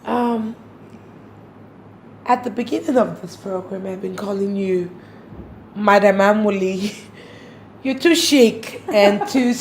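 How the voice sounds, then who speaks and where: A woman hosting an interview, asking measured questions with frequent fillers. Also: mid-range voice, a little mellow. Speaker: interview host. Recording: roomy with faint noise.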